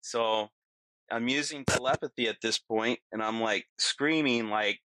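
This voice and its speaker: A middle-aged man as a podcast guest, telling a story in casual talk, animated and laughing often, acting out what people said. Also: medium pitch, a little slow, dry recording.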